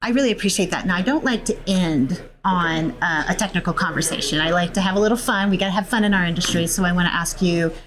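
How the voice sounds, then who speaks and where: A woman hosting an interview with an upbeat, affirming manner. Her voice sits a little low for a woman. She keeps the chat friendly and casual. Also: quick pace, few pauses, crowd noise. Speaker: interview host.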